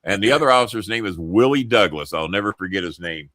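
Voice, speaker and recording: An older man with a bright, forceful voice tells long, rambling stories full of swearing. He laughs into his own sentences and circles back often. The sound is dry and close. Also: fairly low pitch, lively intonation, fast, no echo. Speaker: show host. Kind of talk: profane comic storytelling.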